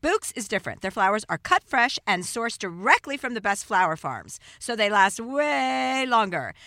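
A woman's voice: fairly high pitch, very animated, moderate pace, sharp tone, no room sound, studio quality. A woman reading a scripted ad in an upbeat, persuasive way. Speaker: ad reader. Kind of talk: scripted ad read.

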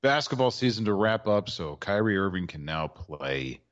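Wry low-voiced male sports radio co-host. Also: big pitch swings, moderate pace, highs cut off. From Maryland. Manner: wry, sarcastic asides. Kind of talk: casual sports radio chat.

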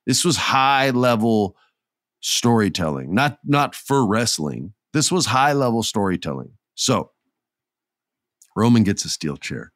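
A man casually and excitedly retelling a wrestling match, acting out scenes as he goes. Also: fairly low pitch, no echo, studio quality. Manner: excitable, acts out scenes, many restarts. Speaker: wrestling recap commentator. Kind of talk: casual storytelling recap.

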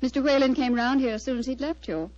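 A woman's voice: sits high, fast talker, darkish tone, dry recording, lightly acted. An actress playing a gracious, poised aristocratic lady in a vintage radio drama, lightly ironic. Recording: dull lo-fi old radio recording.

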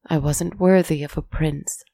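A woman voicing a sad, aloof mysterious young noblewoman in a storybook tale, speaking slowly and with sorrow. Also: low voice, fairly even intonation, creaky, warm tone, no room sound, heavily acted. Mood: sorrowful. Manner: slow, sorrowful and stern.

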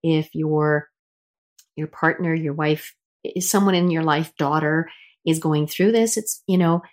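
A woman's voice: sits low, fairly even intonation, a little slow. A middle-aged woman hosting a casual interview, telling stories in a chatty way with many restarts. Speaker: host.

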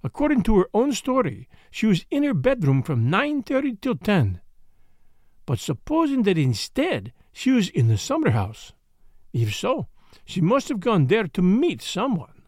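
A man reading the part of a grave, self-assured male detective with a pompous, deliberate manner. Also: high-pitched, wildly swooping pitch, darkish tone, no echo, clean studio sound, pitched above the performer's own voice, exaggerated voice. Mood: explaining. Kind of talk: audiobook character reading.

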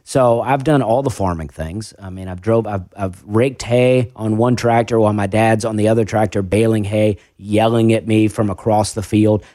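A man with a faint Southern accent chats casually as a guest, his voice sitting a little low. He rambles and runs himself down, often restarting his sentences. The sound is dry and close, with no room echo. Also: mellow. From American South. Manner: rambling, self-deprecating, frequent restarts. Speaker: stand-up comedian guest. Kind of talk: casual podcast conversation.

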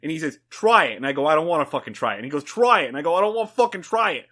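A man putting on a brash, foul-mouthed Boston barfly with a thick Boston accent, telling a tall tale loudly and with swagger. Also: a little high, big pitch swings, racing, exaggerated voice. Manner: loud, swaggering, profane storytelling.

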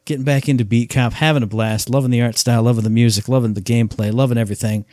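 A man's voice: mid-range voice, racing, dry recording, clean studio sound. A man co-hosting a casual podcast, telling stories in an enthusiastic, rambling way. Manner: enthusiastic, rambling, animated storytelling. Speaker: podcast co-host. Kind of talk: casual chat.

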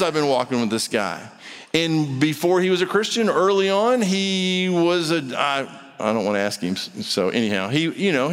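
High-voiced male preacher in a reverberant hall. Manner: conversational, acts out quoted voices. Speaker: pastor. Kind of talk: sermon. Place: church room with a congregation.

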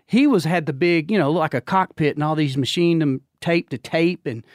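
A man's voice: moderate pace, no room sound, studio quality. A man in his fifties from Georgia with a Southern drawl, telling a long story as a podcast guest and acting out the voices in it. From Georgia, USA. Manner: animated storyteller who acts out quotes with big pitch jumps and laughs. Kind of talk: casual storytelling chat.

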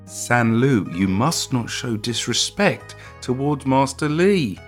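A man voicing a calm, easygoing young male master who speaks in a nonchalant, unhurried way. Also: medium pitch, soft background music, pitched above the performer's own voice.

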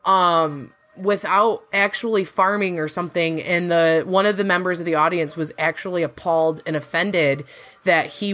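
A woman hosting a casual podcast chat, talkative and quick to laugh, often restarting her sentences. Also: fairly low pitch, fairly bright tone. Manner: chatty, laughs easily, rambling restarts. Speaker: podcast host; works in farm market analysis.

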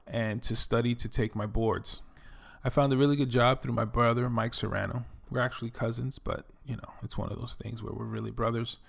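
A man's voice: medium pitch, creaky. A middle-aged man from the Bronx with a New York accent, telling his life story in a casual, reflective monologue full of "you know" and "um". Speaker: former Air Force veteran and doctor telling his story.

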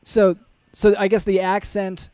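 A man co-hosting a comedy podcast, speaking deadpan and hesitantly with many fillers. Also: high voice, measured pace, smooth, no room sound. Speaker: podcast co-host.

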